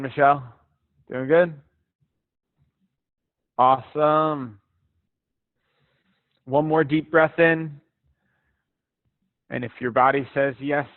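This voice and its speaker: A man leading a live stretching class, guiding breaths and counts in a relaxed, encouraging, chatty way and checking in with students by name. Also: mid-range voice, no echo. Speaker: fitness instructor. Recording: dry tinny phone-like sound.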